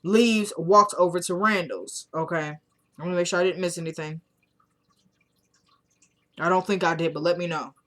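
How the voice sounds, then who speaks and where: A woman's voice: fairly low pitch, fairly even intonation, fairly bright tone. Chatty woman recapping a TV episode. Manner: chatty, retells scenes with quick asides to viewers. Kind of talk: casual episode recap to viewers.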